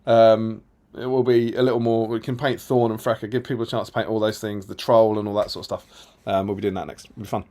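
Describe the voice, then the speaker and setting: A man's voice: lowish voice, level tone, quick pace, dark tone. A man co-hosting a casual live stream, reading viewer comments aloud with a chatty, laughing manner. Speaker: co-host reading chat comments.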